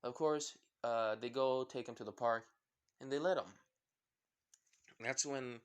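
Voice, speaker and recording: A man at an ordinary middle pitch tells a story off the cuff. He wanders, fills gaps with filler words, and corrects himself as he goes. The delivery stays loose and unscripted. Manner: rambling, with many fillers and self-corrections. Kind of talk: casual spoken retelling of a fan story.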